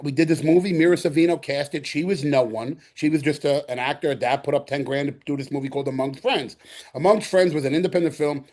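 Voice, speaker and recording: A middle-aged man from the Bronx with a New York accent, a guest actor telling animated stories in an interview, acting out quotes and repeating himself. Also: on the high side, fast. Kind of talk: storytelling interview.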